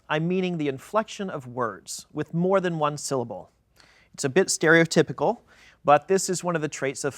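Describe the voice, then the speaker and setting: A man moderating a roundtable as researcher, speaking deliberately and reading quotations aloud with emphasis. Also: mid-range voice, fairly bright tone, no echo, clean studio sound. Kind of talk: scripted moderation with read quotations. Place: video studio.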